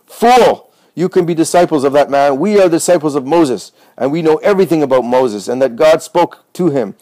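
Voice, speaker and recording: A man's voice: mid-range voice, fairly quick, a little mellow, dry recording, close to an everyday voice. A man voicing scornful male Pharisee elders who scold in a raised voice. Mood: furious.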